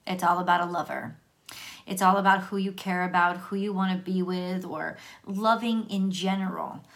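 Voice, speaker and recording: A woman's voice: fairly low pitch, fairly even intonation, moderate pace, fairly bright tone. A woman doing a tarot reading in a chatty, casual way, laughing often and restarting her sentences. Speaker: tarot reader.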